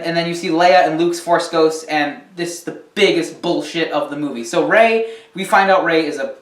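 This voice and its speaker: A man's voice: a little high, a bit bright. A man ranting casually about a film, rambling with many ums and the odd swear word. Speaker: movie reviewer. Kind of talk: casual rant review. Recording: echoey room, distant mic.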